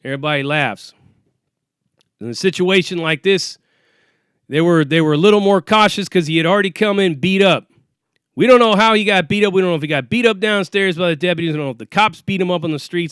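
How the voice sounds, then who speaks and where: A man's voice: fairly high pitch, quick pace, fairly bright tone, clean tone, no echo, studio quality. A man telling a story about his time in jail in a casual, profane, streetwise way, acting out what people said. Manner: profane, streetwise, acts out quoted dialogue. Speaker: former inmate telling prison stories.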